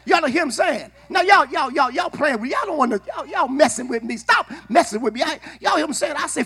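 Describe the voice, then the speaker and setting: High, bright-voiced preacher man. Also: expressive, a little fast. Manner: call-and-response preaching, shouting at peaks. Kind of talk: sermon.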